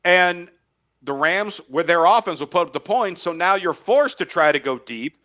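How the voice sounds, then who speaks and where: Bright energetic guy on a sports podcast, kinda high voice, stumbles and repeats himself when he gets going. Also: normal speed. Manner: emphatic, repeats words, chuckles at own predictions. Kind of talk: casual sports debate.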